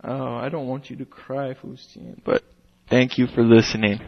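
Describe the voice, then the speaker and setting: A man's voice: medium pitch, steady tone, moderate pace, creaky. A young man hosting a livestream, chatting casually and telling rambling, profane stories, with dull lo-fi audio. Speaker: livestream host.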